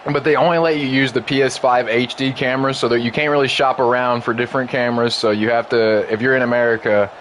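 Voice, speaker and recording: A man's voice: mid-range voice, steady tone, quick pace, few pauses, a bit bright, a little hiss or hum. Rambling man chatting on a game stream. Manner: rambling, filler-heavy, friendly asides to viewers. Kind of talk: casual gaming stream chat. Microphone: desk mic in a home streaming room.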